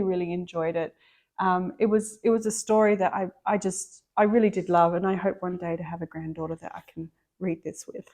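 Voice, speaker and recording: A middle-aged woman talks warmly and eagerly about her favourite books. She speaks at a medium pitch in a casual, chatty way. She often trips over and restarts her sentences. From Australia. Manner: enthusiastic, chatty, with frequent restarts. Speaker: book vlogger. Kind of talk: casual book chat.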